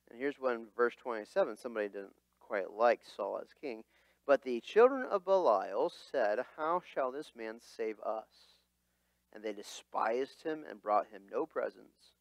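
Animated, lively-voiced male pastor preaching. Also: mid-range voice, measured pace, no room sound. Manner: animated, dramatic voicing of quotes. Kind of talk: sermon. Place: church.

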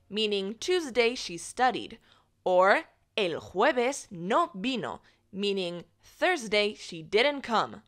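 A woman teaching a beginner language lesson in a clear, patient, scripted voice, carefully enunciating each word. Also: medium pitch, a bit bright.

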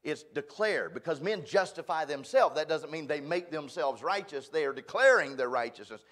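A man's voice: on the high side, expressive, moderate pace, a bit bright. A man preaching a sermon at a church, folksy and emphatic, joking at his own expense. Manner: folksy, emphatic, self-deprecating. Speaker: guest preacher.

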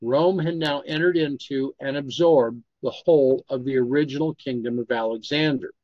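A man's voice: mid-range voice, normal speed, no room sound. Man reading history aloud, dry lo-fi. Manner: steady reading, stops to comment on pronunciation. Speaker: Bible study reader.

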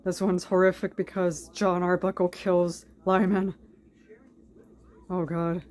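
A woman doing an improvised mock-dub over a cartoon, rambling with heavy swearing in a deadpan way. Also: on the low side, slow, long pauses. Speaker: comedic fan dubber.

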